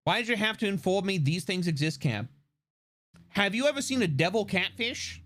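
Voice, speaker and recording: A man's voice: high-pitched, normal speed. A man streaming live, chatting casually and animatedly with lots of swearing and laughter. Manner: animated, profane, laughing often.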